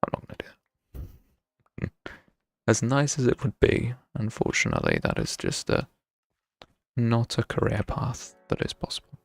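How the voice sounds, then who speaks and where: Young man, gravelly casual streamer. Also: mid-range voice, wildly swooping pitch, moderate pace, long pauses, dry recording. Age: young adult. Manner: chatty, thinks aloud while playing, wry self-mockery. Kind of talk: casual live gameplay commentary.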